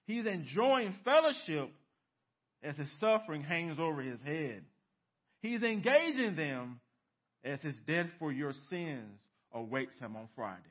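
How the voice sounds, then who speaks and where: A man preaching a sermon as pastor, dropping to hushed lows and rising to emphatic peaks, with many rhetorical questions to the congregation. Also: dull audio. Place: church sanctuary.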